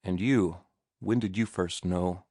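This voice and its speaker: Man reading as a passionate young sailor, low gentle voice, earnest, dry close recording. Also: steady tone, unhurried, no room sound. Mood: ardent, tender. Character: ardent young sailor-turned-writer, passionate.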